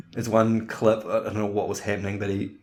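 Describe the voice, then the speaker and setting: A man's voice: on the low side, level tone, normal speed, darkish tone. A man co-hosting a podcast in casual chat, rambling and laughing often. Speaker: podcast co-host.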